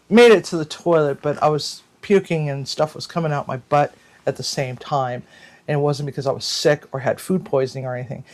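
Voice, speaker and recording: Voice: mid-range voice, a little mellow. A cooking channel host telling a long personal story to viewers in a casual, rambling way, with frequent restarts and mild cursing.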